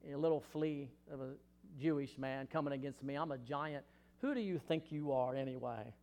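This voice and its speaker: A man's voice: mid-range voice, normal speed, a little mellow, lightly acted. A man voicing a scornful enemy who belittles God's builders with sneering taunts, in the middle of a sermon.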